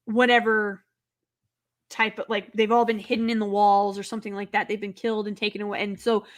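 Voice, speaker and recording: Chatting casually with viewers on her live stream, this woman rambles along fairly quickly, full of filler words, at a medium pitch and in a flat delivery. Now and then she breaks into loud, exasperated outbursts.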